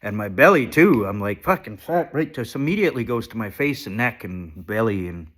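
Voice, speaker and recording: A man's voice: fairly low pitch, animated, brisk, a bit bright. A man vlogging into a handheld phone while sick and shaky, with stuffed-up sinuses, rambling, swearing and putting himself down. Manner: rambling, sweary, self-deprecating. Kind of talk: casual confessional vlog.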